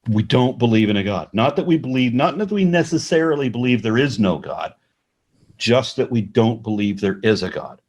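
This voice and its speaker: A man being interviewed, explaining at length in a measured way, with frequent restarts. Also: medium pitch, lively intonation, a little mellow. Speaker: atheist organization representative, interview guest.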